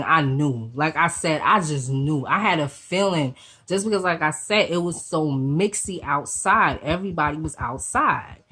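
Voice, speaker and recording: Low husky woman telling a story. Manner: animated, profane, street slang, talks straight to viewers. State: getting over a cold. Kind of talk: casual storytime vlog.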